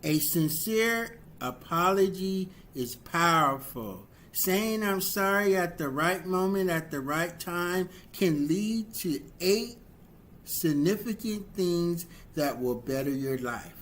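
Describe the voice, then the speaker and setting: A man giving a livestreamed motivational talk on relationships, slow and deliberate, repeating key phrases for emphasis and asking rhetorical questions. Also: high-pitched, lively intonation, a bit bright. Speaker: relationship speaker.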